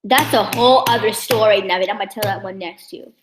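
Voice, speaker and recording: A woman's voice: medium pitch, quick pace, roomy sound, music in the background, rough recording. A young woman vlogging a casual story in a blunt, heated, profane way. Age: young adult.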